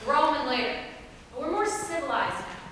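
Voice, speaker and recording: A woman performs a wry small-town minister in a stage play, her high, bright voice carrying from far off across a reverberant hall. Soft music sits behind her. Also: sing-song, slight background noise. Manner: wry, unhurried storytelling. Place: theater stage.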